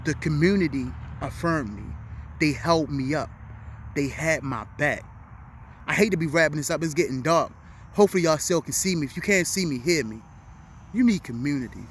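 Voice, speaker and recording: A man's voice: on the high side, animated, moderate pace, slight background noise. Earnest, emotional man giving heartfelt advice. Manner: earnest, emotional, repeats key phrases. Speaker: vlog host. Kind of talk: heartfelt motivational talk. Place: outdoors at dusk, urban street.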